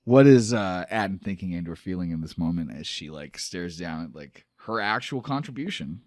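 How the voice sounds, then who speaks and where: A man runs a tabletop fantasy game, describing scenes in a loose, rambling style. His voice sits low, and the sound is dry. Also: expressive, moderate pace, a little mellow, no echo. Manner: loose, filler-heavy narration. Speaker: game master.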